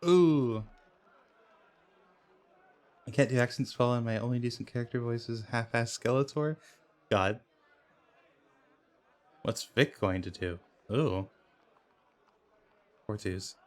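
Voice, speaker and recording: A man playing a dice game in a video game, commenting casually and reacting loudly to close calls with laughs and swearing. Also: medium pitch. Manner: reads in-game dialogue aloud in plain voice. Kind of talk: casual let's play commentary.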